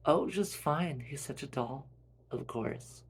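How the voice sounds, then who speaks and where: A man voicing a gentle, affectionate mother who speaks fondly and calmly. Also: medium pitch, takes it slowly, breathy edge.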